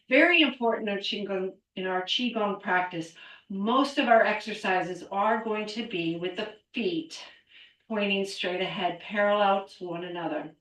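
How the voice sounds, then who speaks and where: A middle-aged woman leads a qigong exercise class, counting reps and calling out cues as she moves along with it. She sounds a little out of breath, and her mid-pitched voice reaches the mic from some distance away. The room around her is echoey. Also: fairly bright tone. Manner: counts aloud and cues movements. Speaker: qigong instructor.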